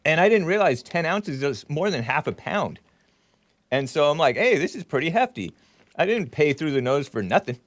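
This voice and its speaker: A man's voice: on the high side, animated, normal speed, no room sound. A man hosting a podcast in casual chat, chatty and laughing often, sometimes talking while chewing. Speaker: podcast host.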